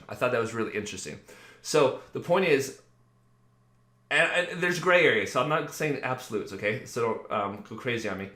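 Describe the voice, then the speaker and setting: A man's voice: medium pitch, normal speed, bright, forceful tone. A man hosting a casual spiritual talk, rambling and acting out the voices he quotes, with many fillers. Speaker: spiritual video host. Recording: roomy echo.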